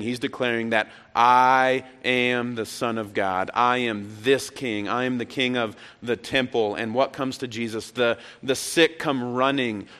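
A man's voice: mid-range voice, fairly bright tone. A man preaching a sermon as pastor to a live congregation, impassioned and emphatic, repeating words as he builds. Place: church sanctuary, live congregation. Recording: echoey church hall.

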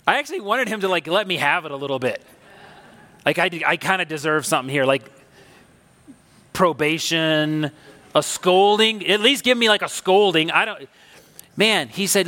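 A man preaching a sermon, telling a personal story in a conversational, animated, emphatic way. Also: high voice, normal speed, long pauses, in a large hall. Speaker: pastor.

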